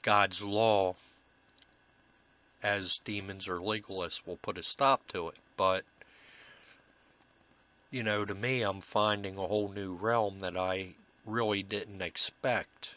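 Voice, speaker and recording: Man, paranormal investigator, lowish voice, halting delivery with many fillers, earnest commentary. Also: fairly even intonation, sharp tone. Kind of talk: narrated commentary over recordings.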